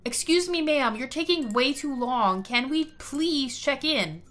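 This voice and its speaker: A woman's voice: sits high, animated, measured pace, fairly bright tone. A woman voicing an impatient pregnant vampire girl. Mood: impatient, pleading. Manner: exasperated pleading.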